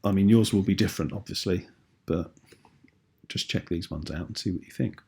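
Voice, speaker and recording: A man with a British accent teaching a writing lesson in a patient, clear, explanatory way. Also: deep voice, a little fast, a little mellow. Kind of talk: tutorial video lesson.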